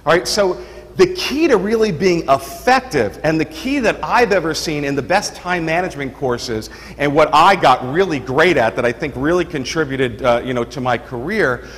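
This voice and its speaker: A man in his forties from New York with a New York accent, giving a lively, chatty seminar talk to a room full of people. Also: on the high side, normal speed, big-room sound. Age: 40s. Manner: energetic, chatty, lots of "you know" and "right". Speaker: seminar presenter.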